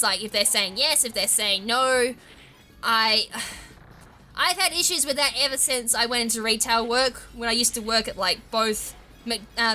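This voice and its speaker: A woman's voice: fairly high pitch, pushed and bright. A young Australian woman chatting through a mobile game playthrough, rambling off on tangents with a laugh now and then. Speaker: gaming YouTuber. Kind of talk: casual let's-play commentary.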